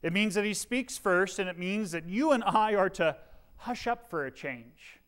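A man's voice: high voice, moderate pace, fairly bright tone, clean tone. A middle-aged male pastor preaching a sermon, earnest, with dry humorous asides and shifting volume.

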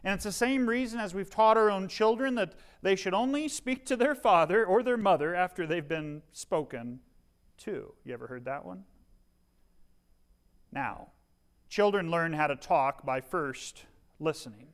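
A man's voice: sits high, animated, a little slow, clean tone. A middle-aged male pastor preaching a sermon, earnest, with dry humorous asides and shifting volume.

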